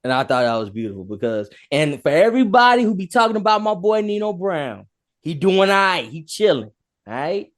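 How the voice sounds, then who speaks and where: A man joining a casual movie podcast chat, joking in quick, slangy banter. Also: high-pitched, very animated. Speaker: podcast co-host.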